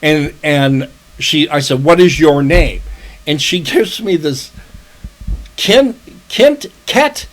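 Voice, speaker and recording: A man's voice: on the high side, fairly even intonation, slow. A middle-aged man co-hosting a podcast, telling a long story in casual chat, swearing often and restarting his sentences. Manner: profane, rambling storytelling with restarts. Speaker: podcast co-host.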